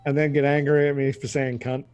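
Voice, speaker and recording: A man from Australia with an Australian accent, chatting casually at a tabletop game and firing off quick quips. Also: medium pitch, little pitch movement, darkish tone, lo-fi sound. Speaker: player. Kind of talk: casual chat.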